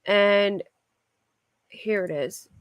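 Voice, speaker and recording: A woman with a Philadelphia accent and a mid-range voice talks extremely slowly against a noisy background. She's a livestreamer casually answering her live chat, rambling and dropping "like" and other fillers constantly.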